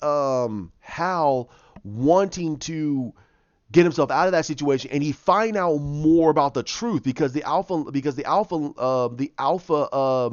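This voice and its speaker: A man casually retelling his own story idea, rambling and animated as he goes. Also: fairly high pitch, dry recording. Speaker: fan pitching a film plot. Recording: dull lo-fi dry mic.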